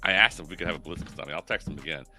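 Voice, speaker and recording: A man hosting a podcast in casual chat, animated and swearing freely. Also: rumbling low, rapid-fire, faint music behind. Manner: animated, swears a lot, quotes people in put-on voices. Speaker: podcast host, chef.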